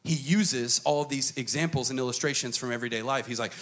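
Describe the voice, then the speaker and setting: A man preaching a sermon to a church congregation, emphatic and dramatic, switching between quick runs and slow, stressed phrases. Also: medium pitch, fairly bright tone. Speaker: pastor.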